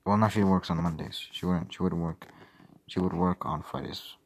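A young man streaming and rambling, swearing freely and trailing off into mumbles. His voice is deep with a gravelly rasp. A faint hiss runs underneath. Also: fairly even intonation, normal speed. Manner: rambling, profane, mumbling asides. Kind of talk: casual rambling livestream chat.

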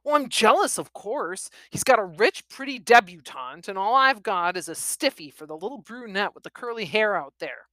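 A woman's voice: medium pitch, animated, normal speed, few pauses, a bit bright, no room sound, pitched above the performer's own voice, natural voice. Woman reading as a cocky flirting pilot. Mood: teasing. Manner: brash and sulky.

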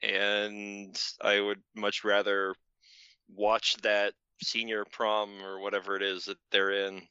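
A man on a podcast panel rambles hesitantly, full of filler words. His voice is very bright and crisp, over a dry, slightly dull line. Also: on the low side, completely flat delivery, slow, no echo. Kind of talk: casual podcast chat.

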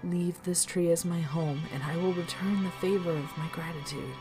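A woman's voice: lowish voice, steady tone, normal speed, over music, lightly acted. A woman voicing a pleading forest spirit. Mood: desperate.

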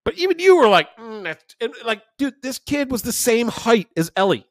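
This thirty-something podcast co-host has a very high voice and a brisk pace, captured as clean studio audio without any room sound. Chatting casually, he spins animated stories, curses liberally, and performs the quoted voices himself.

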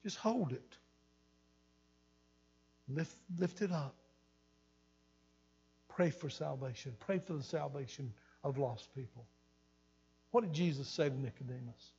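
A man's voice: medium pitch, takes it slowly, pauses often, darkish tone, breathy edge, highs cut off. An older man pastor preaching an earnest sermon, repeating phrases for emphasis, recorded in a church hall. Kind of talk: sermon teaching. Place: church sanctuary.

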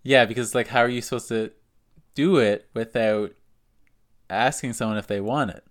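A man co-hosting a podcast from Canada, chatting casually in a relaxed, matter-of-fact way. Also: medium pitch, normal speed. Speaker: podcast co-host. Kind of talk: casual chat.

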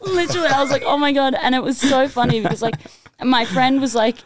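A young Australian woman, a guest producer, chatting casually and telling animated stories full of "like". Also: high voice, quick pace, a crowd in the background. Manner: animated storyteller, lots of "like". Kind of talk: casual chat.

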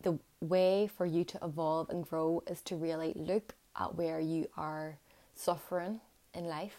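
A young woman speaks in a low, mellow voice, earnest and reassuring as she shares reflections with her viewers. Her talk is loose and casual, often leaning on "like" as she encourages the listener to keep going. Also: fairly even intonation, measured pace. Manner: earnest and encouraging, with many "like" fillers. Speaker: vlogger. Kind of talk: reflective motivational talk to camera.

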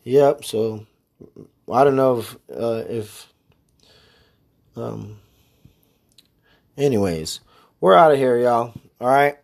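A man chatting alone on his podcast in an easygoing, meandering way. His talk is loose and slangy, with casual swearing. His voice sits at an ordinary middle pitch. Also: slow pace, creaky, pauses often, a little mellow. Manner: laid-back, slangy and profane, rambling. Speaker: podcast host. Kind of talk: casual solo podcast chat.

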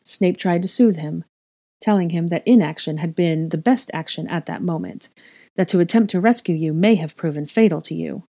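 A woman reading the lines of a wise, earnest woman founder in a portrait, in a measured manner. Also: fairly low pitch, warm tone, husky, no room sound, studio quality.

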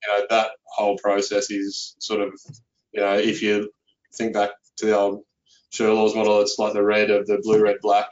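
A low-voiced man talking through his work in a steady, fairly monotone way, his speech loose and full of "you know". The recording is a bit dull and lo-fi. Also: normal speed. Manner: relaxed, many "you know" fillers. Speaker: accountant, guest. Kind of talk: conversational interview.

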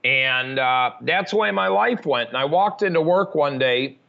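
A man's voice: a little high, animated, unhurried, vocal fry. Frank man telling his story, lo-fi. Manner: frank, matter-of-fact storytelling. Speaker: podcast guest, recovery advocate. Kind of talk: candid storytelling interview.

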